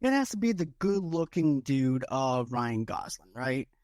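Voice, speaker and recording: A chatty, jokey man co-hosts a podcast and thinks each movie pitch through out loud. His voice sits in a middle pitch. The recording is close and dry, with no room sound. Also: very animated, a little slow, dry recording. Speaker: podcast co-host. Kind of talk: casual podcast chat, mock pitch role-play.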